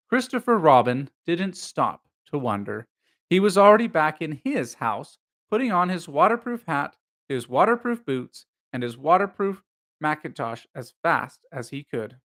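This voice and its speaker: A man reading a children's storybook aloud in a gentle narration. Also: a little high, sing-song, measured pace. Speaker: reader.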